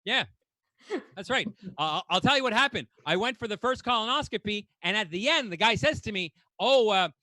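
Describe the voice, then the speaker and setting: A man doing stand-up, with a very high, bright, forceful voice. He rants in exasperation and swears freely. The sound is dry and close. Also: lively intonation, brisk, no room sound. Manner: exasperated, ranting delivery; swears casually. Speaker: stand-up comedian. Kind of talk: stand-up comedy set.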